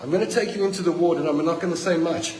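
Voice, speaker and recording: An indignant man rants bluntly into a handheld phone, his voice sitting a little high. He is recorded inside a hospital ward where the sound rings and lingers in a long, hollow reverb, and faint noise stays underneath. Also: quick pace, a little mellow. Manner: indignant, blunt, repeating himself when worked up. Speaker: hospital patient. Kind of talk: angry phone-video rant. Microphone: phone held by the speaker.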